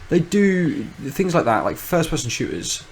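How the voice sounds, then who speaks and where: A man's voice: a little high, very animated, unhurried, slight background noise, poor audio. A man, co-host of a podcast, in casual chat, rambling and thinking aloud with many restarts.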